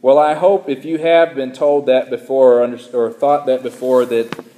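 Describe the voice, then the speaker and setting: A man's voice: mid-range voice, steady tone, normal speed, warm tone. A man preaching a sermon, earnest and searching, often repeating words and restarting phrases as he explains scripture. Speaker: pastor.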